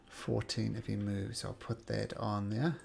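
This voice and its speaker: A man's voice: on the low side, level tone, measured pace, vocal fry, darkish tone, a little hiss or hum. A man running a tabletop game as game master, narrating with an upbeat, laughing manner.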